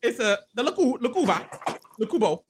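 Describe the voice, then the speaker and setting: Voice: mid-range voice, sing-song, brisk, background noise. A podcast co-host chatting casually through a reality-show recap, playful and profane, laughing often and acting out what contestants said. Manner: loose, profane slang.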